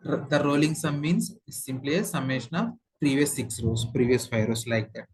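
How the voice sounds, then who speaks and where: Husky Indian trainer walking through steps. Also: male voice, medium pitch, animated, normal speed, hardly any pauses, poor audio. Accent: Indian English. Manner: explains step by step with many fillers and repeats. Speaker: software trainer. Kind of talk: screen-share tutorial lesson.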